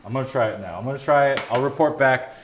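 A man's voice: medium pitch, fast, slight background noise. Profane ranting young man, echoey kitchen. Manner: profane, ranting, animated complaints. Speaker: podcast host. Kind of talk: casual chat while cooking. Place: home kitchen.

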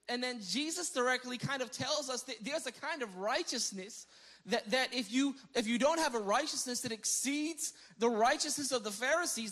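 A male pastor preaching a sermon, his voice pitched high and ringing bright. He moves between calm teaching and loud, emphatic preaching. He reads scripture aloud and tosses playful asides to the congregation.

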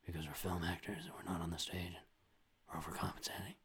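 A man parodying an overwrought TV drama actor in a whispered role-play, breathy and hushed with long dramatic pauses. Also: medium pitch, noisy background, close to an everyday voice.

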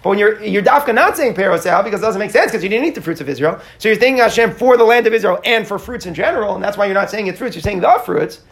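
Fast, gravelly man teaching a Talmud class. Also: high voice, lively intonation, a bit bright. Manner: questioning, explains step by step, stumbles and restarts. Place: class with students, in California.

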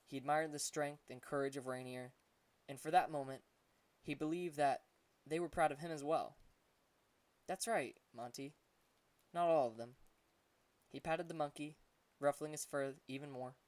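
A man reading a storybook chapter aloud in calm, gentle narration. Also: a little high, moderate pace, smooth, dry recording, recorded from a distance. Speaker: audiobook narrator. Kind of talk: scripted narration.

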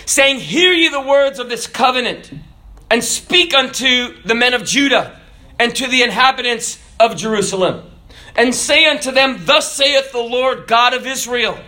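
A man preaching a sermon. He tells a joke in storyteller fashion, then reads scripture, often letting his voice fall low and soft at the ends of lines. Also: measured pace. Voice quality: dramatic drops in pitch and volume at line ends.

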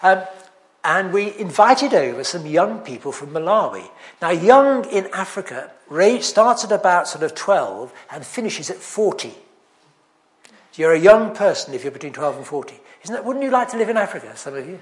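A man's voice: sits high, big pitch swings, normal speed. A man preaching a sermon, telling stories in a chatty, anecdotal way with self-deprecating humour. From England.

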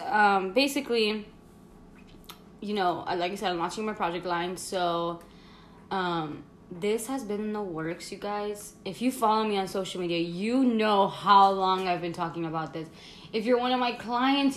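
A woman's voice: mid-range voice, roomy sound, a little hiss or hum. A woman hosting her own podcast in casual, rambling chat full of fillers, talking while she eats at home. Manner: chatty, rambling, many fillers and laughs. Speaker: podcast host.

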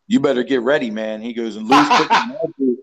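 A man in his forties, a strength coach being interviewed, telling loose, profane stories in a rambling, animated way. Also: medium pitch, fast, heavy background noise. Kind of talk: casual storytelling interview.

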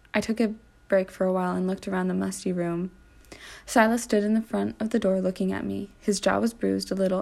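A woman reading her own first-person story aloud, with dramatic delivery. Her voice is dark and mellow with a gravelly fry, and she sometimes restarts a phrase. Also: mid-range voice.

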